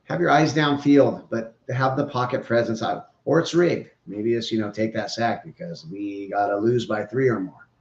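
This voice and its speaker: A man's voice: on the low side, moderate pace, hardly any pauses. Rambling man in a roomy room. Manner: opinionated, rambling, joking. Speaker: podcast host. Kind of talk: casual sports commentary. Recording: roomy, dull lo-fi sound.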